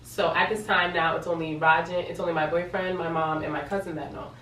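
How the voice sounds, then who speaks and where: A young woman from New York tells a personal story in a casual vlog, emotional and repeating words for emphasis. Her voice sits fairly low. The room is echoey, she is a bit away from the mic, and a faint hum sits behind her. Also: fairly even intonation, brisk, a bit bright, recorded from a distance. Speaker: vlogger.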